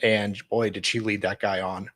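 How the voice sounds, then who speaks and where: A man with a somewhat husky, lowish voice chats casually on a stream, mostly chiming in with short agreeable replies. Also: level tone, moderate pace, fairly bright tone. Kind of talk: casual livestream commentary.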